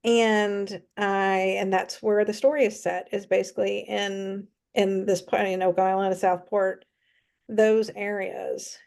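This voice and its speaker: A woman's voice: mid-range voice, level tone, slow, gravelly, darkish tone. A woman author chatting casually as a guest, with lots of fillers and easy laughter. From North Carolina. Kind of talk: casual chat.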